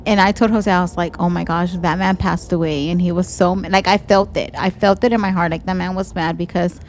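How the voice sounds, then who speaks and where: A young woman with a Texan accent, co-hosting a podcast and telling a story in casual chat, animated, swearing freely and slipping into Spanish phrases. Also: fairly low pitch, fairly quick, slight background noise. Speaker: podcast co-host.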